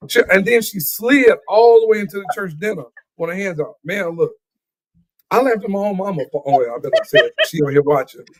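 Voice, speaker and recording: A man's voice: high voice, a little fast. A man co-hosting a morning show, telling stories casually and chuckling along. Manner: storytelling, chuckling.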